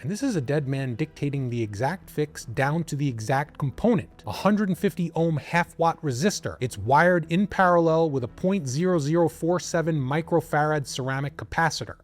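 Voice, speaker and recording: A man's voice: on the high side, lively intonation, moderate pace, few pauses, soft background music. A man narrating a scripted documentary with dramatic storytelling and asides to the listener.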